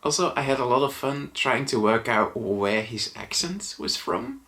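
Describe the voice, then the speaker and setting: A man's voice: mid-range voice, moderate pace, bright, forceful tone. A man whose first language is not English, giving a casual movie review monologue, hesitant with frequent ums and restarts and a dry, mildly wry delivery.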